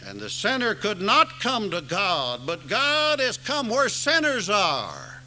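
A man's voice: high-pitched, wildly swooping pitch, takes it slowly, bright, forceful tone, low-quality recording. A man preaching a sermon to a congregation, with an emphatic, swooping cadence.

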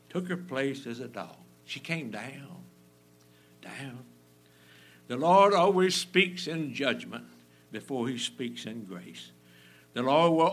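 A man preaching a fervent sermon, swinging from loud emphasis down to a near whisper and repeating phrases for effect. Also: medium pitch, slight background noise.

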